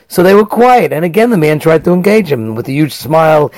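A man's voice: on the high side, very animated, brisk, hardly any pauses, darkish tone, no room sound. A man, a rabbi, delivering an earnest sermon that weaves in a story and builds to raised, emphatic passages.

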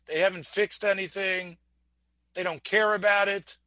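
A man's voice: high voice, steady tone, normal speed, bright, forceful tone, dry recording. A man giving a Torah class, asking his listeners questions and often restarting his words. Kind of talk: Torah lecture.

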